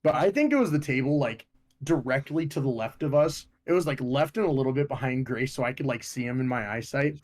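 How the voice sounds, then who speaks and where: A young man from Ohio co-hosting a podcast, telling stories in a profane, animated way. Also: medium pitch, a little fast. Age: young adult. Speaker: podcast co-host. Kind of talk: casual chat.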